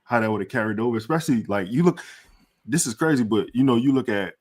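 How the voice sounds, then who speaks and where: A man's voice: mid-range voice, expressive, fast talker, a little mellow. A man co-hosting a live postgame sports show, bantering in laid-back slang. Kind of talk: live sports talk stream.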